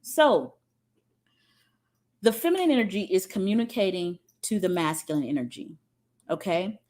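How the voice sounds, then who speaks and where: A woman's voice: mid-range voice, animated, moderate pace, a little mellow. A woman giving a spiritual teaching talk in a blunt, profane and emphatic way, often checking in with "okay?".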